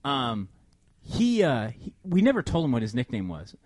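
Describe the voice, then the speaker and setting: A man co-hosting a casual show, telling an animated story and acting out quotes with frequent laughter. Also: medium pitch, moderate pace, no room sound. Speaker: podcast co-host.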